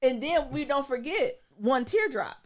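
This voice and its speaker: Lively woman podcast co-host. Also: sits high, measured pace. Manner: animated, laughing, slangy storytelling. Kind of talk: casual chat.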